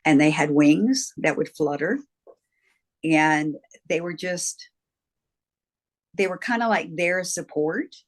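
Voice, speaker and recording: A woman's voice: deep voice, slow, long pauses. An older woman recounting her childhood experiences as an interview guest. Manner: earnest, reflective storytelling. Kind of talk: interview storytelling.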